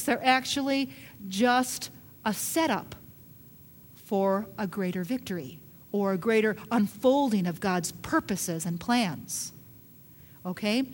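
A woman pastor preaching a sermon, emphatic, with repeated rhetorical questions. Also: a little high.

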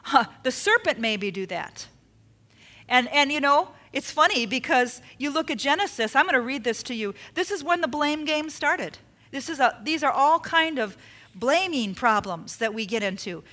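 Woman preaching, bright higher voice, acts out the quotes, goes real quiet for emphasis. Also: normal speed. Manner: expressive, acts out quotes with dramatic drops in volume. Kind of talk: sermon.

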